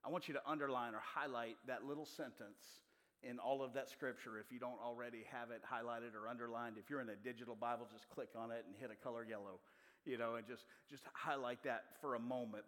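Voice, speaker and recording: A man's voice: mid-range voice, fairly quick, fairly bright tone. A male preacher delivering a sermon, asking the congregation questions as he goes. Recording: long reverb of a large hall.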